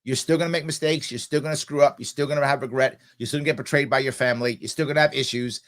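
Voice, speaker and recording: A man's voice: medium pitch, fairly even intonation, rapid-fire, fairly bright tone. A man in his forties hosting a show, speaking earnestly and emotionally in a heartfelt personal monologue with repeated emphasis. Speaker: show host.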